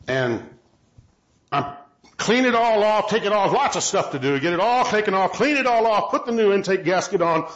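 A man preaches to a gathered congregation in a chatty, self-deprecating way, often turning questions to them. His voice sits high and swings widely in pitch. The sound is roomy and slightly muffled. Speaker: pastor. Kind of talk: sermon. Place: large room with a congregation.

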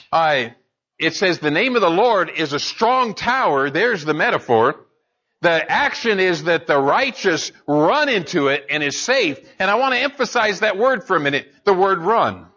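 A man's voice: fairly high pitch, animated, normal speed, bright, forceful tone, highs cut off. A man preaching a sermon as pastor, talking in a conversational way and climbing to emphatic peaks.

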